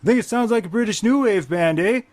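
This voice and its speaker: A man's voice: sits high, darkish tone, dry recording, pitched above the performer's own voice, natural voice. A man putting on the voice of a dopey, good-natured Canadian hoser who tags "eh" onto his lines. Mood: goofy. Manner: goofy, drawn-out eh at ends.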